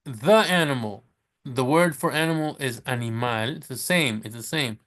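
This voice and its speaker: A man teaching Spanish in a casual way, chatty and correcting himself, who slows down to sound out each Spanish word. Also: mid-range voice, fairly bright tone. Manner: chatty, self-correcting, laughs at his slips. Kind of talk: casual screen-share lesson.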